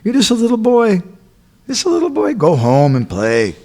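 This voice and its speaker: Guy putting on a sage talking way up high, teasing, brushing a kid off. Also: wildly swooping pitch, moderate pace, darkish tone. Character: male sage testing a boy, dismissive.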